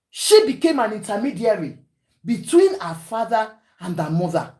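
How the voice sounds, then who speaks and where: A Nigerian woman hosts a talk show and gives emphatic, preachy commentary, slipping into Yoruba as she speaks. Her voice sits at a middling pitch but moves through a very lively, wide range. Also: normal speed. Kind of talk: commentary to panel.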